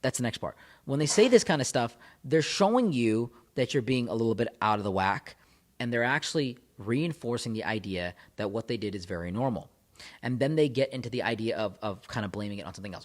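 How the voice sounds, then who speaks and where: A man's voice: lowish voice, lively intonation, fairly quick. A man giving relationship advice to camera as a coach, speaking emphatically, repeating phrases and building intensity. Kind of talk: direct-to-camera advice talk.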